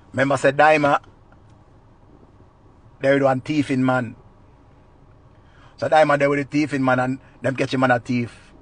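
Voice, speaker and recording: A man with a Jamaican accent, telling a comic story in patois with lively swings between loud and quiet. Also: medium pitch. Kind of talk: animated comic retelling.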